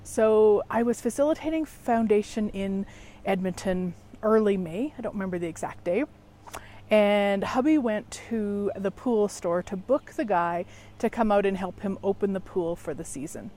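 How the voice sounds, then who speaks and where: A woman telling a story in a chatty, animated vlog from outdoors in a backyard, laughing at herself as she goes. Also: medium pitch, normal speed, slight background noise. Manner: chatty, animated, self-mocking. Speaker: facilitator and show host.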